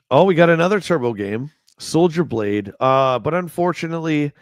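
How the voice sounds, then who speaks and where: A man's voice: mid-range voice, dry recording, studio quality. A man hosting a casual livestream, reading old magazine reviews aloud with wry, joking asides and chatting back to his viewers. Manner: chats back to a live chat. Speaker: livestream host.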